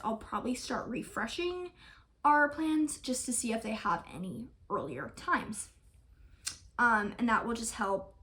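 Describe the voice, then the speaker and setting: A woman's voice: a little high, fairly bright tone. A young woman vlogging in a chatty, rambling, effusive way as she talks through her plans to camera. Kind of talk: casual chat to camera.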